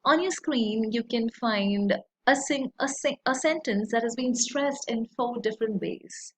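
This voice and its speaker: A woman, teaching a lesson in a slow, deliberate way, with many fillers. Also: on the high side. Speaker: English teacher. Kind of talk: recorded lecture.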